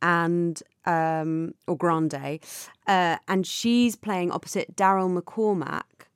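A woman co-hosting a podcast in casual chat, upbeat and quick to laugh. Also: fairly low pitch, fairly even intonation, clear, resonant tone, dry recording, clean studio sound. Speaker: podcast co-host.

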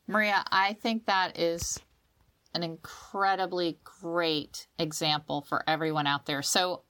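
A woman's voice: fairly low pitch, takes it slowly. A woman co-hosting a casual talk show, telling stories with emotion and often repeating words as she starts her sentences. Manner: emotional, animated storytelling with dramatic quoted voices. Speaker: podcast co-host. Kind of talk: casual chat.

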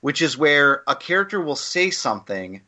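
A man's voice: on the high side, very animated, normal speed, bright, forceful tone, dull audio. A man co-hosting a casual podcast discussion, giving an opinionated, rambling critique full of fillers and restarts. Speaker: podcast co-host.

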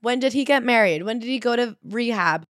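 A woman co-hosting a casual book chat, gossipy and animated, reading quotes aloud. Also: fairly high pitch, brisk, dry recording, clean studio sound. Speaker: podcast co-host.

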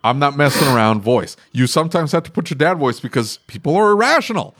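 A man's voice: on the high side, expressive, fast, fairly bright tone, a little hiss or hum. A man hosting a podcast, talking about running his repair shop in a casual, emphatic way, repeating his points and laughing often. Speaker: podcast host and auto repair shop owner.

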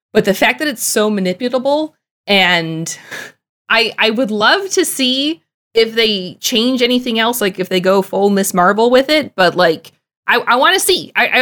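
A young woman co-hosting a casual podcast about a TV show, chatty and full of "like" fillers, with animated bursts. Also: medium pitch. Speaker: podcast co-host.

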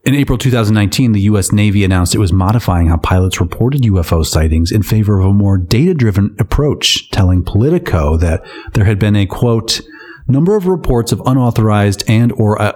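Man, lowish voice, comedic news reading, sarcastic asides. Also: dark tone. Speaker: podcast co-host reading news.

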